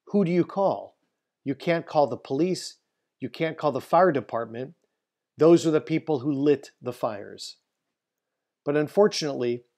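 A man, a rabbi, giving a solemn Holocaust history presentation, telling a family story and slowing down for emphasis. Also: mid-range voice, darkish tone.

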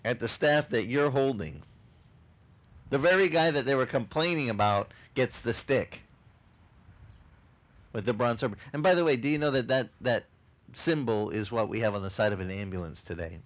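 A man preaches a sermon outdoors at a beach service. His pitch is middle for a man and swings widely as he tells Bible stories. He acts out the people in them with quick changes of voice. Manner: animated storytelling, acts out voices of people and God. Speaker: pastor.

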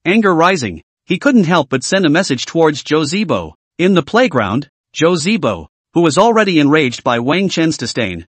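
A man giving scripted narration of a comic story recap in a steady storytelling read. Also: fairly high pitch, moderate pace, few pauses, breathy edge, no echo.

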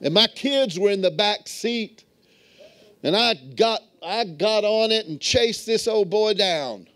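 Speaking slowly in a high, fairly bright voice, a man preaches as bishop inside a church sanctuary. He relocated to Texas as an adult, and his sermon mixes storytelling with calls for the congregation to reply.

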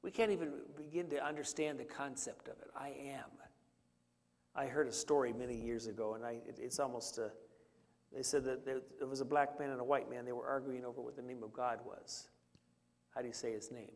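A man's voice: mid-range voice, steady tone, brisk, a little mellow. A man preaching a conversational Bible study, teaching with fillers and questions to the congregation. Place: church sanctuary. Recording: church hall reverb.

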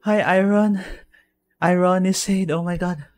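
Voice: mid-range voice, steady tone, measured pace, a little mellow. A gaming YouTuber reacting to a game pull, stunned and blurting out short disbelieving exclamations again and again. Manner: stunned, keeps blurting "oh my god" and "what".

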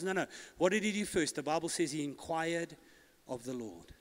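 A man's voice: high-pitched, fairly quick, fairly bright tone, big-room sound. A male pastor preaching a sermon with rising emphasis, calling on the congregation to repeat after him. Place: church hall.

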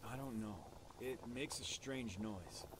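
A man voicing a matter-of-fact rural farmer in a video game, speaking in a plain, flat way. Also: medium pitch, slow pace, natural voice. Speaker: game protagonist. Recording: game audio with clear ambient noise.

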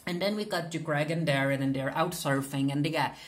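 A woman with a low, relaxed voice recaps a TV episode in a casual commentary. She talks off the cuff, full of filler sounds and false starts. She drops quoted lines from the characters into her retelling. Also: brisk. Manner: chatty, many filler "uh"s and restarts, retells scenes with quoted lines. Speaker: TV recap reviewer.

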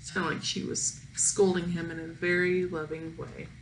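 A woman teacher reading a picture book aloud to her pupils, expressive and playful, breaking into song. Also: lowish voice, slight background noise. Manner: slow, expressive, sings along with the story. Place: room at home. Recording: roomy echo, faint ambience.

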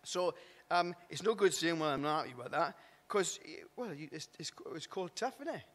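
A man's voice: on the high side, lively intonation, a little fast, a bit bright, big-room sound. A man preaching a sermon in a conversational way, restarting words and asking "isn't it?". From Wales. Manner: conversational, repeats and restarts words, asks tag questions. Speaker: pastor. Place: church hall.

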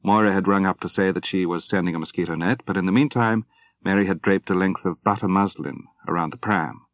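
A male narrator with a low voice reads an audiobook in a measured, understated manner. The recording is very dry and close, with no room sound. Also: fairly even intonation, dry recording. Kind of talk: scripted narration.

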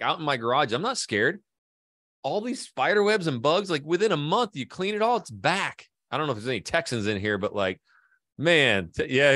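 A man's voice: medium pitch, bright, forceful tone, no echo, clean studio sound. A man from Idaho, a guest in a casual interview, telling long stories and swearing casually. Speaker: guest, real estate agent and video creator.

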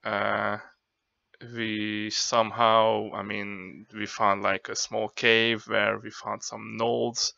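Low, gravelly rambling man player. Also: little pitch movement, slow, bright, forceful tone, no echo, muffled recording. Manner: rambling, loose, with many fillers. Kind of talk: casual recap of a tabletop game.

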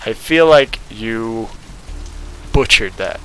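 A man casually commenting on a video game he plays, animated and laughing often. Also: lowish voice, slow, slight background noise, poor audio. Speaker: game streamer.

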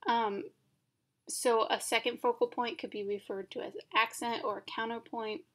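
A woman's voice: a little high, steady tone, normal speed, a bit bright. A young woman teaching an art lesson over slides. She is informal and thinks aloud, with many ums and self-corrections. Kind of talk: casual recorded lecture over slides.

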